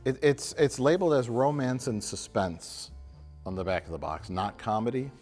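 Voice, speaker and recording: A man's voice: medium pitch, normal speed, a little mellow, faint music behind. A man co-hosting a casual movie review podcast, talking animatedly and laughing often. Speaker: podcast co-host.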